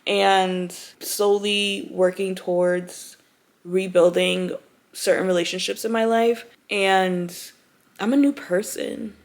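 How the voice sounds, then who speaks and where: A young woman talks to her camera at home in an open, heartfelt way, close to tears as she speaks. Her voice sits at a middle pitch. She keeps it casual and chatty, full of "like", "you know" and "girl". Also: fairly even intonation, slow pace. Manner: casual, chatty, calls viewers "y'all" and "girl". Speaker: vlogger. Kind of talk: emotional personal vlog talk to camera.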